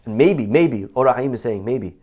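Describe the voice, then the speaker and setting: A rabbi gives a casual, conversational Torah class, full of rhetorical questions. His voice sits at an ordinary middle pitch for a man. He often quotes Hebrew sources mid-sentence. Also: animated, moderate pace, mellow. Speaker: rabbi teaching.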